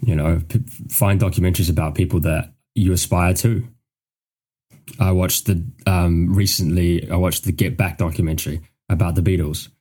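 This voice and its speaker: A man co-hosting a podcast in relaxed casual chat, speaking in a measured way with frequent filler phrases. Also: low voice, breathy edge. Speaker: podcast co-host.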